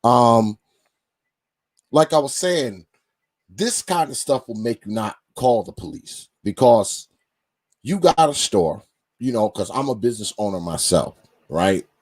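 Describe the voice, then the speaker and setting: A man's voice: medium pitch, animated, measured pace, pauses often, slightly rough. A man hosting a live stream in a loose, slangy, casual way, greeting viewers and telling stories. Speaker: host.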